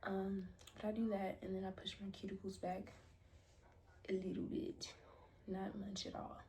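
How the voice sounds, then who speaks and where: A woman's voice: medium pitch, monotone, a little slow, warm tone. Twenty-something girl chatting while doing her nails, slangy, slips into whispers, faint hiss behind. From United States. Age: 20s. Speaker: beauty vlogger. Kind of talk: casual chat while doing her toenails.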